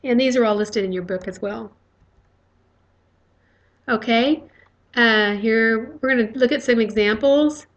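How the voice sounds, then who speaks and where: A teacher speaks in a slightly high voice during a recorded lecture on grammar. Her explanations are patient and step-by-step, punctuated often by "okay" and "uh."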